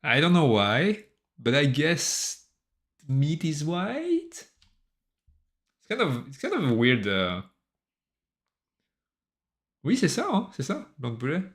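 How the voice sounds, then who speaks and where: A man's voice: fairly high pitch, wildly swooping pitch, slow pace, long pauses. A French-accented man with a slightly sore throat, chatting in a rambling, self-amused way while streaming as a solo game developer. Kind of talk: casual livestream chat.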